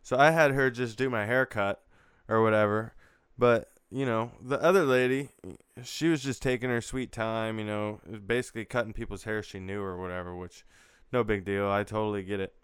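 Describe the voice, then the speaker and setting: Fairly low in pitch with a fairly even intonation, a young man talks at normal speed through his crude, casual morning beer-review show. He rambles, curses, and leans on fillers, his slightly bright, smooth voice recorded dry and clean in a studio.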